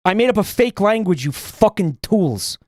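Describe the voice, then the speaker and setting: A man's voice: high voice, big pitch swings, moderate pace, no room sound, clean studio sound. Blunt, foul-mouthed male streamer. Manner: blunt, profane ranting. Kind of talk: casual livestream commentary.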